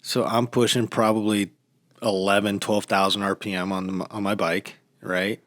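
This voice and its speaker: A man with a fairly low voice tells a story in a relaxed, casual way. He acts out what people said as he goes. The sound is close and dry, with little room behind it. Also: moderate pace, dry recording. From United States. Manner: animated storytelling, acts out quotes. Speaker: podcast host. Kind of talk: casual chat.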